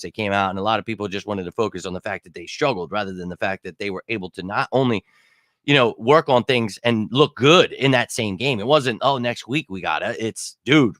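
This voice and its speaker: A man hosting a live fan Q&A stream, heated and rambling, swearing and shouting out commenters. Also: on the low side, no echo, studio quality. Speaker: fan show host.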